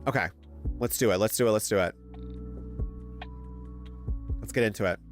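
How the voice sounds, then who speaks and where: A man streaming a story game, chatting casually with viewers and reacting excitably, laughing and swearing. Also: on the low side, moderate pace, faint music behind. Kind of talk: casual gaming stream chat.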